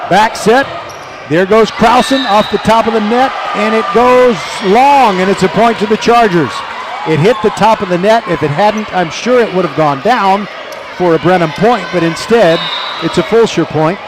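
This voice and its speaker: A man announcing a high school volleyball match play by play from a courtside table, chatty and quick to correct himself. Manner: excited, self-correcting, chatty. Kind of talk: live sports commentary. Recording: noisy gym with crowd. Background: crowd and ball bounces.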